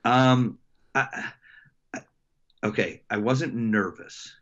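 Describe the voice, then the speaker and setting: A middle-aged man, a wrestling coach, telling a story in a casual interview, reflective and halting with many fillers and restarts. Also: mid-range voice, fairly bright tone, lo-fi sound. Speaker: wrestling head coach, podcast guest.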